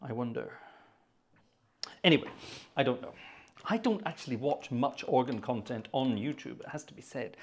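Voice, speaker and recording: A man's voice: medium pitch, lively intonation, normal speed, pauses often, a little hiss or hum. A man hosting a live organ stream, chatting casually and muttering asides to himself between pieces.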